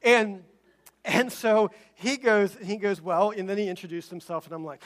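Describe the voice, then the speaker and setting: A man's voice: high-pitched, normal speed. A male pastor preaching a sermon, telling a personal story and acting out the voices of the people in it, then urging his listeners. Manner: animated storytelling, acts out quoted voices; rising to emphatic exhortation.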